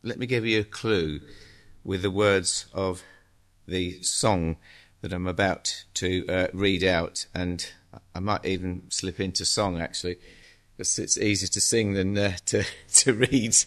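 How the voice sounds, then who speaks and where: A man in his sixties giving a church exhortation as a lay preacher, halting and chatty with many ums and uhs. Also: sits low, steady tone, fairly bright tone. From England.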